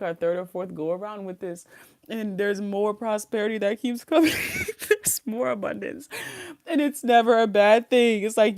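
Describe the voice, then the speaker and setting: Woman, tarot reader, rambling casual monologue, giggles often, mid pitch, dry close sound. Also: darkish tone, no room sound. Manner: rambling, giggly, full of fillers and restarts. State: talking around a sore wisdom tooth. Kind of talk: casual spiritual reading monologue.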